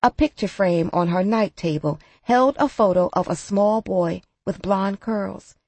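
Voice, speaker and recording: A woman narrating an audiobook in a measured storytelling manner. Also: medium pitch, darkish tone, slightly rough, no echo.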